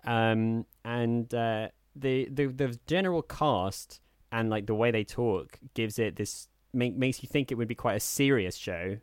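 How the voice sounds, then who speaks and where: A man's voice: mid-range voice, measured pace, few pauses, no room sound, clean studio sound. A man co-hosting a podcast, chatting casually and rambling with many fillers. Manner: rambling, with many fillers, dips into a soft, smooth put-on voice. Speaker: podcast co-host. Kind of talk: casual chat.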